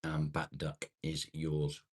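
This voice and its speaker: Very deep-voiced, unhurried middle-aged man. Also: monotone, darkish tone. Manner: laid-back, swears freely. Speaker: live streamer reading viewer comments. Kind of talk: casual live-stream chat.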